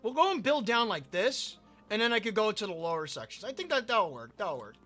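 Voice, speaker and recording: A man's voice: high-pitched, very animated, fairly quick, sharp tone, soft background music. A man streaming a building game and telling a rambling story, often repeating himself and tripping over his words. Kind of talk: casual storytelling while gaming.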